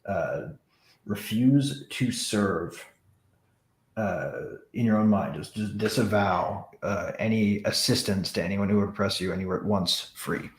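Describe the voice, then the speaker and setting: A man's voice: on the low side, unhurried, reverberant. A man on a podcast panel speaking bluntly and emphatically, with some profanity. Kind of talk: casual panel chat.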